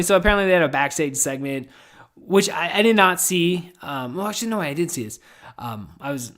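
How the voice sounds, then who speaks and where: A young man with a slightly higher-than-usual voice hosts a casual podcast recap. He rambles through the week, swearing freely and mocking himself as he goes. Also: fairly bright tone. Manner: rambling, profane, self-mocking. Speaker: podcast host.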